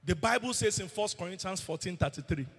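A man's voice: high-pitched, animated, fairly quick, a bit bright, husky. A man preaching a sermon as pastor, emphatic and asking the congregation questions. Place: church hall. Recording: long hall reverb.

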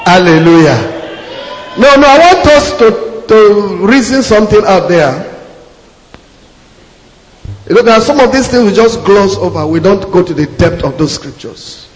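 A man's voice: high voice, lively intonation, a little slow, pauses often, slight background noise. A man preaching a sermon as pastor, emphatic and repeating his key phrases to the congregation. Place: church hall. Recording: echoey hall with long reverb.

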